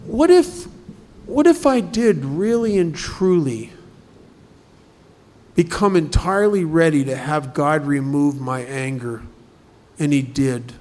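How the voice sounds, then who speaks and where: A man's voice: fairly high pitch, slow pace, darkish tone. A man speaking at a recovery group study, talking conversationally and asking many rhetorical questions. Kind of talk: recovery talk.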